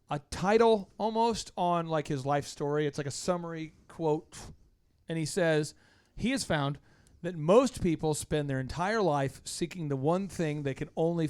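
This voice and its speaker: High-voiced, energetic male podcast host. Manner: energetic, rattles off long rapid lists. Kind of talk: casual interview chat. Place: home basement room with concrete floors.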